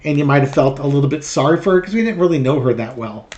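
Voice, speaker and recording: A man's voice: fairly high pitch, expressive, quick pace, a little mellow, dull audio, slight background noise. A man hosting a tarot channel, chatting casually with frequent laughs and self-correcting asides. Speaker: tarot reader, host. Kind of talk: casual chat.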